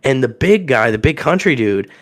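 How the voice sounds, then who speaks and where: A young man from telling a rowdy story on a podcast, acting out the people in it with loud raised voices. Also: medium pitch, moderate pace. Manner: animated, acts out quotes with loud raised voices. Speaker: podcast guest telling stories. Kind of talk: casual storytelling.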